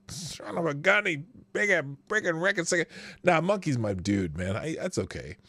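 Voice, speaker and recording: A man hosting his own live-stream show in casual chat, loose and animated, swearing freely and laughing between thoughts. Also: on the high side, normal speed, no room sound. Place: small home studio.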